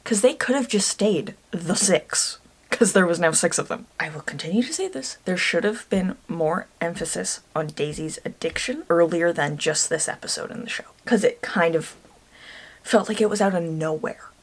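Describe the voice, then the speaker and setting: A woman's voice: lowish voice, animated, normal speed, husky. A woman from Ireland giving a casual, rambling review monologue, talking herself into a heated rant at times. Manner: chatty, rambling, gets worked up and rants. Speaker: book and TV reviewer.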